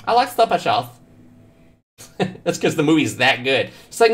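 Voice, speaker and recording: A man's voice: a little high, measured pace. A man streaming a video game, chatting casually and telling joking, profane stories while he plays. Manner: joking, profane, animated storytelling. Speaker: gaming streamer. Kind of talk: casual gameplay commentary. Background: faint game music.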